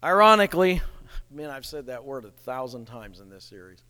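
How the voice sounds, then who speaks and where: A man preaching a sermon in an animated way, acting out the people he quotes. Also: mid-range voice, brisk. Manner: animated, acts out quoted voices, chuckles at the irony. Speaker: pastor. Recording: reverberant hall.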